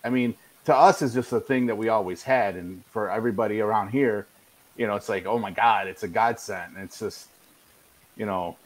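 A man on a casual panel chat, telling a story in an animated way. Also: lowish voice, fairly quick, rough recording.

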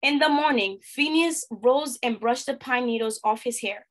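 A woman reading a storybook aloud expressively as a teacher, pausing to pose questions to her listeners. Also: sits high.

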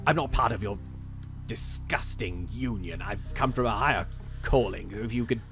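A man's voice: on the low side, over music, lightly acted. Man doing a pompous, snooty scientist. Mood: disdainful. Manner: pompous, drawn-out. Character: haughty gaunt male scientist, snobbish.

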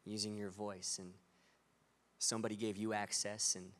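A man interviewing a guest in a relaxed, appreciative way. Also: fairly low pitch, normal speed. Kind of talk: conversational interview.

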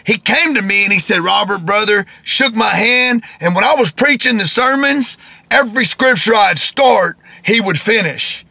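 A man's voice: high voice, animated, normal speed, gravelly, sharp tone, no room sound. A man preaching informally, repeating his points, quoting scripture and checking in with "okay?".

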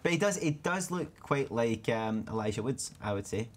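British male streamer, jokey, animated up-and-down voice, plays and chats. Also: mid-range voice, moderate pace. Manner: playful, joking, thinks aloud. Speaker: game streamer host. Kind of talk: casual let's play chat.

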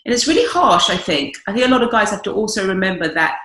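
A woman's voice: medium pitch, big pitch swings, fast talker, fairly bright tone. A woman in her forties, a dating coach giving blunt, emphatic advice on a podcast, swearing freely. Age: 40s. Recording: echoey room.

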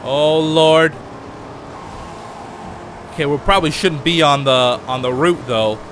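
Panicky excitable man playing a game. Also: fairly high pitch, slow, slight background noise. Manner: excitable, panicky exclamations under fire. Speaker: gaming channel host. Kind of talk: let's play commentary.

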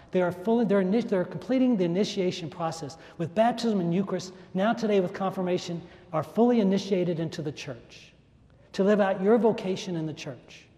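A mellow, high-pitched man delivers an emphatic sermon in the echoing hall of a large church. He leans on repeated phrases for stress, his voice lifting and falling.

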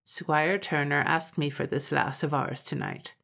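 A woman voicing a poor, worried old country grandfather who speaks gravely in old rustic speech. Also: deep voice, fairly even intonation, a little slow, a bit bright, heavily acted. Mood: solemn.

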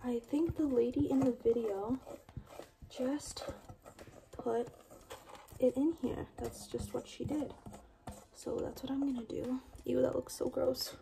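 Young female student vlogger, half-whispered and gravelly, noisy home kitchen recording. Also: sits high, fairly even intonation, measured pace, pauses often. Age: young adult. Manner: mostly whispering, chatty. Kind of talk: casual cooking vlog.

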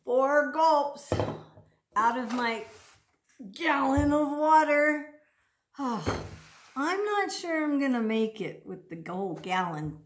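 Woman speech therapist, high voice, bouncy and exaggerated, talks slow for little kids, echoey room at home. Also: animated. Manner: playful, exaggerated, sing-song teacher voice. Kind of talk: speech practice lesson for children.

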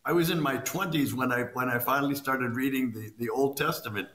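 Male priest guest, halting, repeats himself, roomy echo, mid pitch. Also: fairly bright tone. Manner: halting, repeats words as he thinks. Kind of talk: conversational interview answers.

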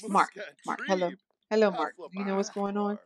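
A woman with a brisk, mid-range voice hosts a gaming video, giving chatty, animated let's-play commentary and talking straight to viewers, whom she calls "y'all." A crowd can be heard in the background.

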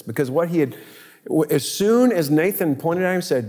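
A man's voice: normal speed, big-room sound. A man, a pastor, telling a scripture story conversationally and acting out the characters' voices. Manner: animated, acts out biblical voices with big pitch jumps.

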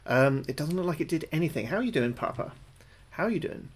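A British man streaming a game live, talking through each move, often repeating himself, thanking his viewers and getting jumpy and loud when spooked. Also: on the high side, lively intonation, fast, breathy edge. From United Kingdom. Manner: chatty, repeats his own phrases, thanks viewers between moves. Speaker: gaming livestreamer. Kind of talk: live gameplay commentary.

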